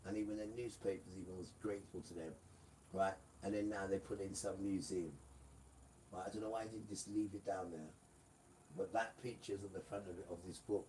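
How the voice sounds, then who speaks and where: A man preaching on a livestream in a repetitive, emphatic way, often asking the viewers "right?" and breaking into loud bursts. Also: on the low side, recorded from a distance, a little hiss or hum, low-quality recording.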